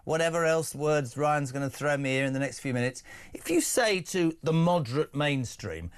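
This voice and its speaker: A man's voice: on the high side, moderate pace, smooth. Emphatic English radio host, man. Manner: animated, emphatic, jokey asides. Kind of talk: opinionated talk radio. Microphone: studio microphone.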